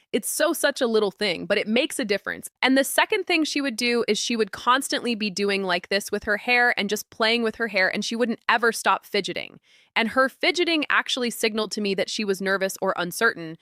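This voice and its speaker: Woman, motivational talk, lively storytelling, bright tone, dry close sound. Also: a little high, no room sound. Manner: animated, acts out quotes and stories.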